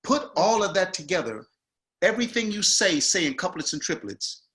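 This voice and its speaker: A man leads an acting masterclass, his voice sitting a bit high and ringing bright and forceful. He talks in a loose, slangy way and hammers his points with emphatic repetition. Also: sing-song, normal speed. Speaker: acting teacher. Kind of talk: masterclass coaching.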